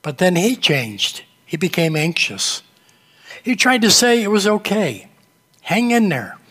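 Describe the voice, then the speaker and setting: A man preaching a sermon, telling a story slowly with dramatic pauses. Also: sits high, very animated, fairly bright tone, husky. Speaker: pastor. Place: church sanctuary. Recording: long reverb of a large sanctuary.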